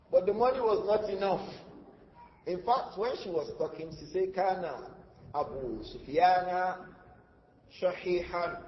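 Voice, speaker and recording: A man with a somewhat high voice gives a religious lesson. He poses rhetorical questions to his listeners, answers them himself, and explains the Arabic terms he uses. The sound is muffled, with a long hall echo. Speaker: Islamic teacher. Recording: dull, echoey hall with faint noise.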